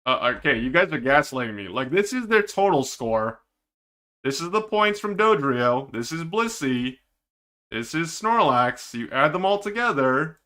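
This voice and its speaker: A male streamer reacting live to an esports match, ranting at the players in an animated, exasperated way. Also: a little high, unhurried.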